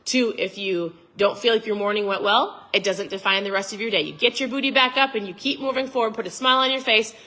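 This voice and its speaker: A woman giving a motivational vlog talk, fired up and emphatic, almost yelling as she urges viewers on. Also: medium pitch, fast talker, few pauses. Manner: emphatic, preachy. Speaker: vlogger.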